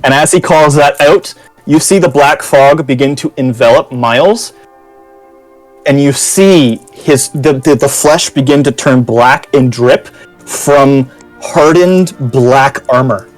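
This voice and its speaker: A man's voice: mid-range voice, faint music behind, poor audio. A man narrating as game master of a tabletop game, with many restarts. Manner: halting, restarts, descriptive narration.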